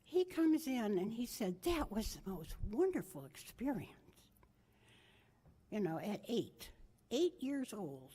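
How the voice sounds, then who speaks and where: At a memorial, an older woman tells family anecdotes in a rambling way, stopping to correct herself as she goes. She has a fairly high, mellow, slightly rough voice with a sing-song lilt, and she takes her time.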